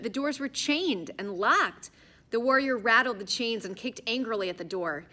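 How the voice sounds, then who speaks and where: A woman narrating an adventure audiobook in an expressive, storytelling manner. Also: mid-range voice. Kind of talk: scripted narration.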